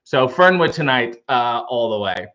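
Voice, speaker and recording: A man's voice: medium pitch, expressive, normal speed, sharp tone, muffled recording. A man hosting a casual livestream, making coffee and reading out viewer comments with playful, wry asides. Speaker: livestream host reading chat.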